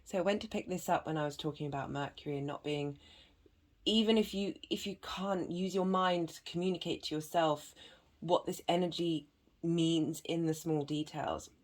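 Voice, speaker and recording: A woman giving a tarot and astrology reading to viewers, gentle and meandering, with frequent pauses and filler words. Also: low voice, steady tone. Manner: gentle and meandering, with many ums and soft laughs. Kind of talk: slow, reflective spiritual reading to viewers.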